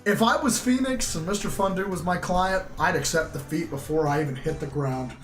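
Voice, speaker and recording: A man's voice: a little high, brisk, roomy sound, faint music behind. A man on a livestream, chatting and joking with swears while reading game dialogue aloud. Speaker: streamer playing a visual novel.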